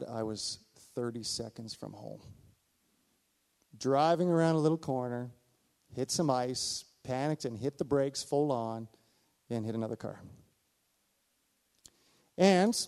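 A middle-aged male pastor preaching a sermon, telling a personal story with animated delivery and acted-out dialogue. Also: mid-range voice.

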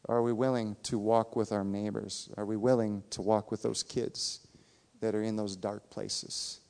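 A man's voice: lowish voice, little pitch movement, measured pace, vocal fry, a little mellow. A man preaching a sermon as a pastor, earnest and emphatic, repeating his points for weight. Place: church sanctuary. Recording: reverberant church hall.

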